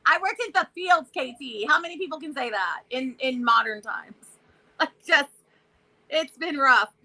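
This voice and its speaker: Bright high-voiced Southern woman chatting. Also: normal speed, low-quality recording. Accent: Southern American. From American South. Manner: animated, chatty, loud exclamations and laughs. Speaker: vlog co-host. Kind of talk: casual chat.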